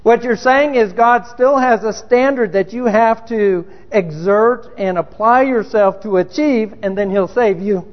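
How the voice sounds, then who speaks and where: His voice is high and a little slow, with hardly any pauses, as he delivers a conversational sermon in a church sanctuary. He restarts his sentences and poses rhetorical questions. The audio is dull and lo-fi, with long reverb from the hall.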